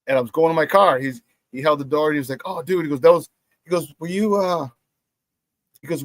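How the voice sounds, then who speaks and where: A lively male sports talk host with a fairly high voice, recorded dry and close. He tells stories casually and animatedly, and acts out the quotes. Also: fairly quick, no room sound.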